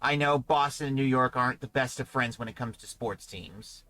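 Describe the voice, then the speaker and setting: A man's voice: mid-range voice, moderate pace, bright, forceful tone, dry recording, rough recording. A man hosting a casual livestream podcast, talking in a rambling, chatty way. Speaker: podcast host.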